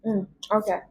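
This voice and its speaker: A woman's voice: mid-range voice, a little mellow, a little hiss or hum, poor audio. A woman with an Indian accent doing a casual tarot reading, chatty and rambling with many fillers. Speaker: tarot reader.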